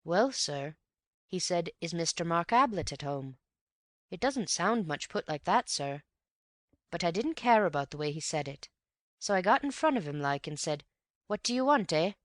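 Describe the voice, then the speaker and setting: A woman's voice: lowish voice, lively intonation, moderate pace, dry recording, studio quality, natural voice. A woman voicing an older male lodge-keeper who speaks in plain rustic phrases and keeps saying "sir.". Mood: earnest, wary. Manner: rustic speech, deferential "sir".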